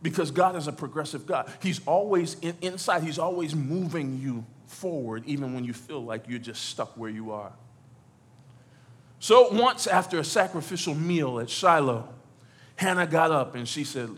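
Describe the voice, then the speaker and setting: A man preaching as pastor, talking to the congregation conversationally, acting out quotes and building to loud exhortation. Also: on the high side, moderate pace. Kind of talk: sermon.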